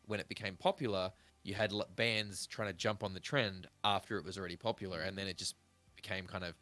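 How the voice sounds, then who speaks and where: A man's voice: low voice, steady tone, fast, sharp tone. A man in his thirties hosting a music podcast, talking in a casual, rambling way with plenty of swearing. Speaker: podcast host. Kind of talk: casual chat.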